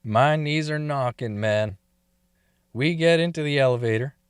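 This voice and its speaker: A man's voice: mid-range voice, measured pace, clean tone, no echo, studio quality. A man telling a story in a casual, crude way, swearing and laughing often between lines.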